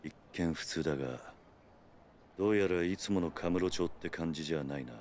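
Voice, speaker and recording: A man voicing a stern, tough male ex-yakuza hero in game dialogue, low and clipped. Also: very fast, slight background noise, lightly acted. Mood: serious. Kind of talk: Japanese game voice acting. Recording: game audio over loud music.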